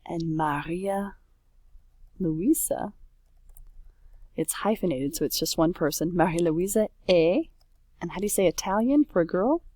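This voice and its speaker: Low-voiced woman teacher going over french homework, chatty, fixing her own slips, dry close sound. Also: lively intonation, measured pace, long pauses, warm tone, dry recording. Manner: chatty, self-correcting, says oops often. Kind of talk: casual worksheet walkthrough.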